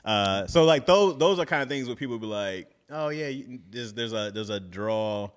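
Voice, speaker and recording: A man's voice: mid-range voice, animated, moderate pace, clean tone. A man from the Midwest with a Michigan accent, co-hosting a podcast in loose, rambling casual chat full of "you know what I mean.". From Midwest, United States. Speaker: podcast co-host.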